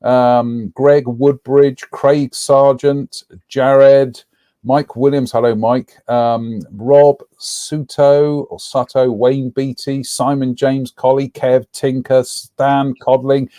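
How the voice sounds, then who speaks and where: A man's voice: medium pitch, little pitch movement, slow, warm tone, dry recording. Dry-sounding man, chatty live-stream host. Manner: rambling, frequent ums, reading out viewer names. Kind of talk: casual live-stream chat.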